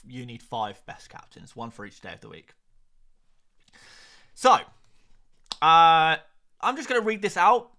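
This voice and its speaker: A man's voice: high voice, bright, forceful tone. A man hosting a live stream in casual, jokey chat, muttering asides as he goes. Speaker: streamer host.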